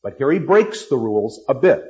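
A middle-aged man lectures on poetry with animated energy, swinging from quiet asides to bursts of dramatic reading. His voice sits at an ordinary pitch. The recording is slightly dull and lo-fi. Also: fairly quick. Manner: animated, acts out lines dramatically. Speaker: literature teacher.

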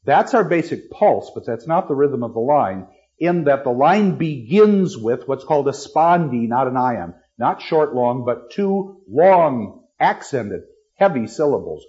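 A middle-aged man lectures on poetry with animated energy, swinging from quiet asides to bursts of dramatic reading. His voice sits at an ordinary pitch. The recording is slightly dull and lo-fi. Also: a little slow. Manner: animated, acts out lines dramatically. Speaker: literature teacher.

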